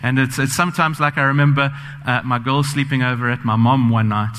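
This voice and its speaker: A man's voice: medium pitch, steady tone, fairly quick, a bit bright, slight background noise. A man preaching a sermon, earnest and personal, telling stories with frequent fillers. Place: church sanctuary. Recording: long church reverb.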